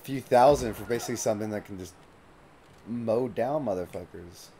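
A man's voice: lowish voice, normal speed, dark tone, a little hiss or hum. A man streaming a video game live, chatting casually and swearing freely as he plays. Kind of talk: casual live gameplay commentary.

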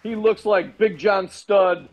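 A man's voice: high-pitched, slow pace, low-quality recording. A man co-hosting a casual movie chat, cracking crude jokes in a wisecracking manner. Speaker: co-host.

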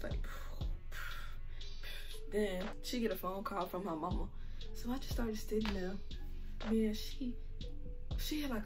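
A young woman telling a story in a casual, slangy way, laughing often. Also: medium pitch. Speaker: vlogger. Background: music.

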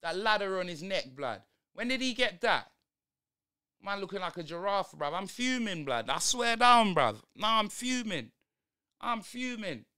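A man's voice: high voice, very animated, a little slow, sharp tone, clear, resonant tone. A young man, ranting in slang through a live football watch-along stream. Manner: exasperated, slangy ranting at the match.

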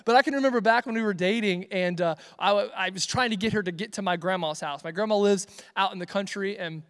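A man's voice: high voice, quick pace, clear, resonant tone, long reverb tail. A young man giving a casual, joking youth sermon on a livestream, rambling and correcting himself as he goes. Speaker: youth pastor.

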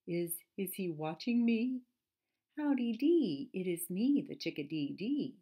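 A woman's voice: medium pitch, sing-song, a little slow, mellow, husky, full character voice. A woman voicing a small, eager storybook chickadee that talks in sing-song rhymes.

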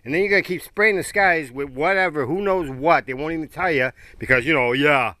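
A man's voice: fairly high pitch, a little fast, pushed and bright, no echo. A man ranting angrily outdoors in the wind, swearing hard and mocking his opponents in a sneering voice. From United States. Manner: furious, profane, sneering mockery. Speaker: vlogger. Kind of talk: angry outdoor rant to camera.

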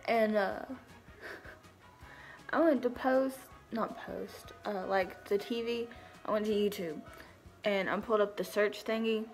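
A young woman with a thick Southern country accent talks in a relaxed, drawling, chatty way. She takes her time, with unhurried pauses, as she tells a story at home. Faint music plays softly behind her. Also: mid-range voice. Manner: chatty, drawling, self-deprecating. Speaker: vlogger. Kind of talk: casual chat.

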